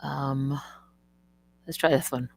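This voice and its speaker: A woman hosting a live stream, talking in a casual, animated way, indignant and swearing freely. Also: rumbling low, slow pace, gravelly, a little hiss or hum.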